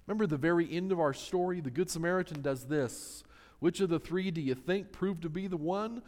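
A male pastor preaching a sermon in an earnest way, slowing down to stress key words. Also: on the high side, a little mellow. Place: church sanctuary. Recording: long reverb of a large hall.

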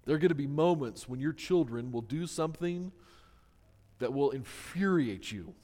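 A man's voice: on the high side, lively intonation, dark tone. Earnest male pastor in a reverberant hall. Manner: earnest, slows down to stress key words. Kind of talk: sermon. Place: church sanctuary. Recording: long reverb of a large hall.

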